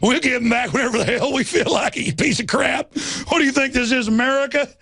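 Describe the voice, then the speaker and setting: A sneering, bullying cop, as a radio host mocks him in a put-on voice. The voice climbs well above the man's own, slow and drawn out, dripping with contempt. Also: big pitch swings, vocal fry, bright, forceful tone, no room sound, studio quality, exaggerated voice. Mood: mocking. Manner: mocking, high and drawn out.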